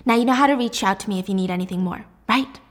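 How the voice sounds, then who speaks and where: A woman's voice: mid-range voice, racing, lightly acted. A woman voicing a sly man who stays overly polite and mock-apologetic.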